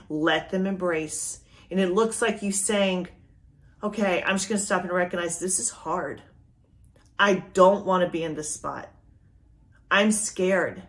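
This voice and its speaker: A middle-aged woman hosting a faith podcast as a life coach, delivering a motivational talk that swings from loud urging to a soft, near-whispered hush. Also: medium pitch.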